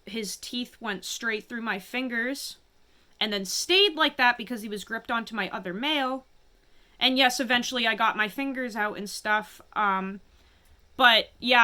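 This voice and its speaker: A woman speaks straight to camera about something she has never shared, her delivery halting and full of restarts. Her voice is bright and clean, and she keeps stopping to hold back tears. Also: fairly high pitch. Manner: halting, emotional, many restarts and pauses. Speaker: vlogger. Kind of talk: personal confession to camera.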